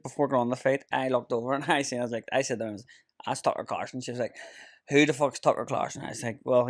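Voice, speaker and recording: A man's voice: mid-range voice, dry recording, studio quality. A man from Ireland, hosting a casual podcast chat and telling stories full of swearing and laughter. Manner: swearing storyteller, laughs often. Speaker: podcast host.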